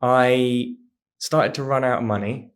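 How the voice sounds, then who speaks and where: Guy in his 30s, animated storyteller, chatty podcast guest. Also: mid-range voice, measured pace. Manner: animated, acts out voices in anecdotes. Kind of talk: casual storytelling chat.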